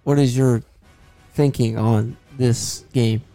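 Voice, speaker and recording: A man's voice: mid-range voice, fairly even intonation, slow, mellow, faint music behind. A young man hosting a casual sports podcast, bantering with heavy sarcasm. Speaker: podcast host.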